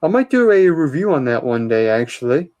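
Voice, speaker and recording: A man in a casual vlog, going through his movie collection and giving chatty, opinionated takes, often pausing with uh and um. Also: medium pitch, sing-song, a little mellow. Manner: chatty, opinionated, with many uhs while listing titles. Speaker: vlogger showing his DVD collection.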